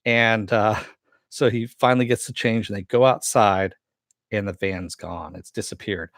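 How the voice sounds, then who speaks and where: A man's voice: fairly even intonation, unhurried, no echo, studio quality. A man casually recapping a TV episode and answering chat, rambling with many fillers. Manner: acts out quoted lines with raised pitch. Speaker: show recap host.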